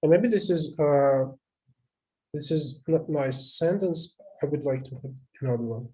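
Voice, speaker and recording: A man's voice: fairly high pitch, unhurried, dark tone. Hesitant man teaching over a video call. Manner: thinks aloud with frequent hesitations and restarts. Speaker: instructor. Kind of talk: live online lecture with screen sharing.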